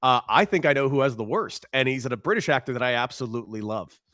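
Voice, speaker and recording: A man co-hosting a podcast from home in casual chat, enthusiastic and halting with restarts. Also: mid-range voice, expressive, pushed and bright, dry recording, clean studio sound. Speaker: podcast co-host.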